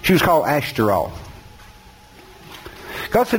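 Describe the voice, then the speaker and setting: A man's voice: a little high, very animated, normal speed, long pauses, slightly rough, rough recording. A man, preaching an emphatic sermon and speaking straight to his listeners.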